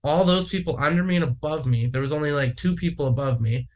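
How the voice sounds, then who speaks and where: A man's voice: on the high side, fast talker. A man from Manitoba, Canada, chatting casually on a podcast, rambling with lots of fillers and swearing. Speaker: podcast guest. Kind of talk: casual chat.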